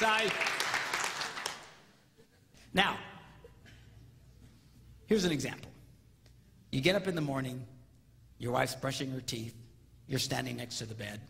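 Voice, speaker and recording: A man giving a comedic marriage seminar to a live audience, acting out spouses' reactions in an animated, joking way. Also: a little high, a little slow, vocal fry, long pauses, a faint crowd. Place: large hall with live audience. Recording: reverberant hall with audience noise.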